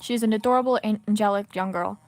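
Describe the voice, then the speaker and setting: A woman's voice: mid-range voice, steady tone, quick pace, darkish tone, soft background music, close to an everyday voice. Woman reading as a stern formal spirit medium. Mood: stiff formal. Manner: stiff, formal, addresses others as good sir.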